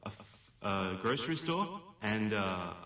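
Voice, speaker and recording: A man's voice: fairly low pitch, very animated, unhurried, a bit bright, echoey room, far from the mic. An Australian man from Perth, a filmmaker guest on a radio interview, talking earnestly with many fillers and restarts. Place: radio studio.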